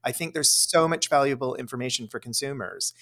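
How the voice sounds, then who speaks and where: A man's voice: medium pitch, fairly quick, creaky, a bit bright. A man co-hosting a podcast, chatting in an enthusiastic way and asking leading questions. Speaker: podcast co-host. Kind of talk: casual chat.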